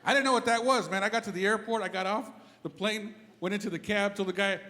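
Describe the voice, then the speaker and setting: Middle-aged male stand-up, quick and animated, higher voice, live club room with long reverb. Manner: animated, quick storytelling that slips into acted character voices. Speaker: stand-up comedian. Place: comedy club stage before a live audience. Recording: reverberant live room with steady background noise.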